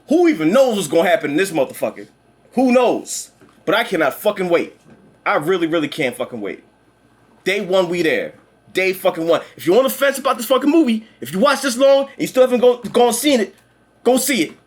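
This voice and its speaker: A young man chatting casually about a movie he just saw, animated and profane, repeating himself and acting out lines. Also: high-pitched, a little fast. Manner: animated, profane, repeats words and acts out quotes. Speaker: movie reviewer. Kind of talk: casual chat.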